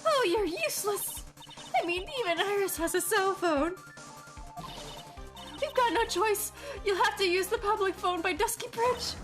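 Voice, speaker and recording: A woman voicing a bossy, excitable woman character in a game, shrill and demanding. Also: unhurried, faint music behind.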